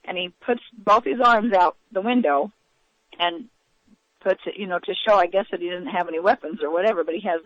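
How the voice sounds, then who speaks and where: A woman recounting events as an interview guest, in a halting way with many fillers and restarts. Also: mid-range voice, no echo. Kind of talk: eyewitness account in a radio interview. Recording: dull, lo-fi radio audio.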